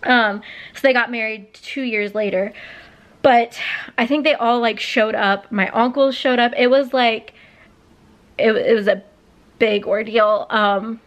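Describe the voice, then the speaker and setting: A woman's voice: on the high side, steady tone, measured pace. A woman in her late twenties telling a personal story on her vlog, rambling with many fillers and close to tears. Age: late 20s. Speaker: vlogger.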